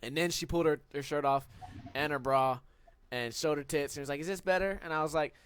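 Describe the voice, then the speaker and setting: Profane ranting young man, bright voice. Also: fairly high pitch, brisk, smooth. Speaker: podcast co-host. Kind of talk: casual storytelling.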